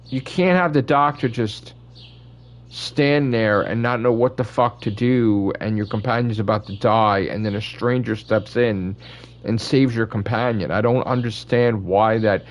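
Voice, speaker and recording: A man hosting his channel, ranting in casual fan commentary with blunt opinions and constant swearing. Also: mid-range voice. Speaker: channel host.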